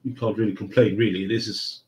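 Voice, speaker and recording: A man hosting a casual hobby stream, with a husky voice and a cold, swearing freely and often restarting his words. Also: lowish voice, level tone, fairly quick, low-quality recording. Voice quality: husky whiskey voice. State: sniffly, with a cold. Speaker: stream host.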